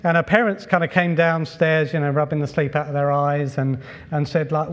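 A middle-aged man preaching a sermon as pastor, relaxed and conversational, with many fillers and repeats. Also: a little high, moderate pace, highs cut off. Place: church hall. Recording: long reverb from a large hall.

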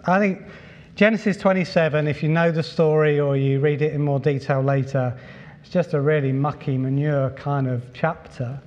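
A middle-aged man preaching a sermon as pastor, relaxed and conversational, with many fillers and repeats. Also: a little high, normal speed, muffled recording. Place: church hall. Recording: long reverb from a large hall.

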